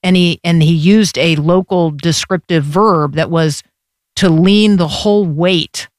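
A woman hosting a faith radio show, speaking in a reflective, unhurried way and closing with an encouraging exhortation. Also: lowish voice, darkish tone, no room sound, clean studio sound. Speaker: radio host. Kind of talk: faith radio interview and sign-off.

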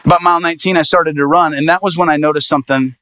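An evangelist preaching through a personal story, a man whose voice sits a little high for a man. He tells it in a lively, animated way, jumping into the voices of the people in his story. The sound is close and dry, with no room echo. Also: rapid-fire. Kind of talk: sermon storytelling.

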